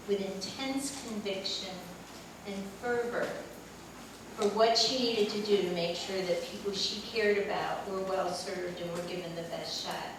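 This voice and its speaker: An older woman giving a memorial tribute speech, telling fond stories of her friend with humor. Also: medium pitch. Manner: warm storytelling with laughter. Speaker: eulogy speaker. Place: large echoey hall. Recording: echoey hall from far off, noisy.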